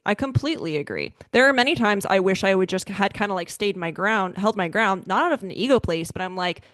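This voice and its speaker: A woman hosting a podcast, chatting in a relaxed, rambling way with many fillers. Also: medium pitch, dry recording. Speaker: podcast host. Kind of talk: casual conversation.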